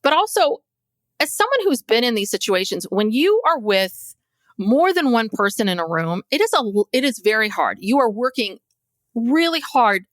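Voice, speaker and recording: A woman's voice: fairly high pitch, big pitch swings, moderate pace, a bit bright, no room sound. Chatty woman podcast co-host recapping. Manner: chatty storytelling with fillers. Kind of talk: casual recap chat.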